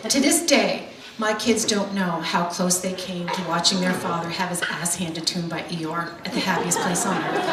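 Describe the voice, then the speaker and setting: A middle-aged woman telling a stand-up comedy story in a brash, swearing, punchy way, with audience laughter behind her. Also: mid-range voice. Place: comedy club stage. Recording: roomy hall mic from far off, noisy.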